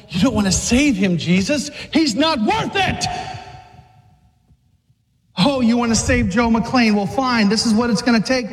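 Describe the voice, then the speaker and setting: A man's voice: high-pitched, close to an everyday voice. A man voicing a scheming male devil who whispers temptations and then gloats cruelly. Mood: wheedling. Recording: long reverb of a large hall.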